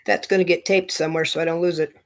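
A man chatting casually as he opens fan mail on his knitting vlog, gushing and thinking aloud. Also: a little high. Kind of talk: casual unboxing chat.

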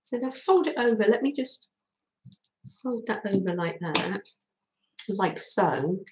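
A woman's voice: medium pitch, animated, slow, roomy sound, background noise. A middle-aged woman, hosting a chatty live craft stream and greeting her viewers cheerfully. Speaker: craft livestream host.

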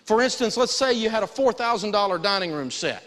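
A man teaching a live personal finance lesson in a folksy, animated way, prompting the audience to answer back. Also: high-pitched, a little fast, in a large hall.

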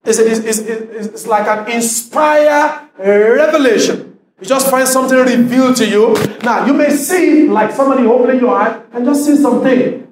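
A male pastor preaching a sermon in church, emphatic, often asking the congregation if they are listening and rising to shouts. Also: extremely high pitch, normal speed, roomy sound, slight background noise, poor audio.

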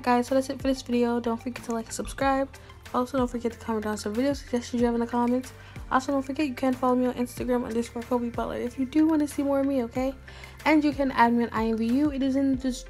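Brief: upbeat, slangy woman YouTuber with a fairly high voice, faint music underneath. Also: steady tone, quick pace, darkish tone. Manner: playful, slangy, upbeat, talks straight to viewers. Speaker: YouTuber replying to fan messages. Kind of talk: casual chatty vlog.

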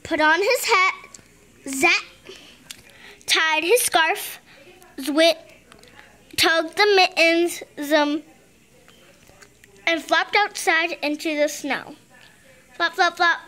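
A woman reading a picture book aloud slowly and haltingly, stumbling and restarting on words. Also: very high-pitched, pushed and bright. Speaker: reader.

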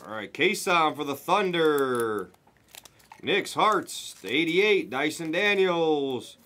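A man hosting a card break, chatting casually and rattling off pulls with excited running commentary. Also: fairly high pitch, slow pace, a little hiss or hum. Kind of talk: casual chat while opening cards.

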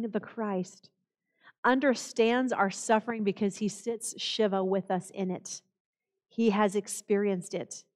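A woman's voice: on the high side, big-room sound. Solemn woman pastor preaching. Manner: slow, solemn delivery with quoted scripture. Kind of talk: sermon. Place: church sanctuary.

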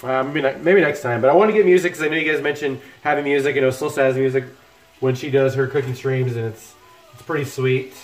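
A middle-aged man chats casually with viewers while he cooks, joking between steps. His voice has an ordinary middle pitch. The kitchen sounds roomy and echoey, and soft music plays faintly from laptop speakers. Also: fairly even intonation, fast talker. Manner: chatty, joking, talks to viewers while cooking. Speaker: cooking livestream host. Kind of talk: casual cooking livestream chat. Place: home kitchen. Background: music from laptop speakers, frying food.

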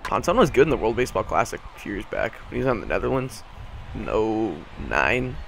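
Hoarse young man, gravelly gameplay chatter. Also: lowish voice, big pitch swings, brisk, a bit bright, slight background noise. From Boston area. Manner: rambling, swears, frequent "like" fillers. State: hoarse morning voice. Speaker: gaming channel host. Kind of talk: casual gameplay commentary.

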